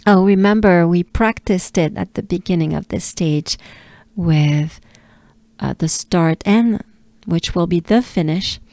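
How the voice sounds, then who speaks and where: A woman's voice: on the low side, unhurried, mellow, no echo. A woman from France with a French accent giving a patient pronunciation lesson, repeating sounds and coaching breathing, sometimes dropping to a whisper. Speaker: pronunciation teacher.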